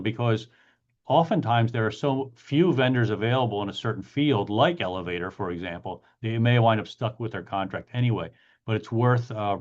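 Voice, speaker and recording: A man's voice: mid-range voice, highs cut off. A middle-aged man, an attorney hosting a monthly Q&A, explains in casual talk, stressing key points by repeating them. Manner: emphatic, repeats key points, acts out clients in quick asides. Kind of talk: casual explanatory talk answering chat questions.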